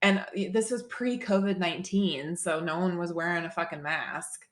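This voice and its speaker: A young woman who works as a massage therapist co-hosts a podcast, speaking at normal speed in a voice on the low side. She tells stories casually, swears, and acts out quotes. There's a roomy echo.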